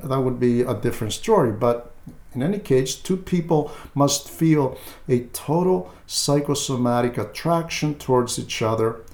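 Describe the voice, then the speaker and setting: A man, an Orthodox clergyman, giving pastoral advice at a measured pace with frequent hesitant fillers. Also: medium pitch, darkish tone, echoey room.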